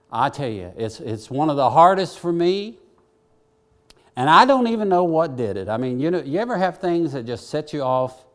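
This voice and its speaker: An older man, a preacher telling homespun stories in a chatty, self-deprecating way with lots of asides. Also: medium pitch. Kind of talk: folksy sermon storytelling.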